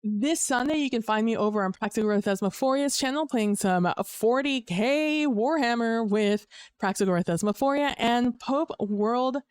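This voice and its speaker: A woman's voice: on the high side, moderate pace, smooth, dry recording. A young woman streamer talking casually and rambling, with lots of fillers and restarts. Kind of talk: casual live-stream chat.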